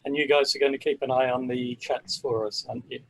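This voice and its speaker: A man's voice: mid-range voice, fairly even intonation, fairly quick, a bit bright, low-quality recording. A man with an Australian accent chatting casually on a video call before a webinar, joking at his own expense. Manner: jokey, self-deprecating. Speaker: consultant guest. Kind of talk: casual pre-webinar chat.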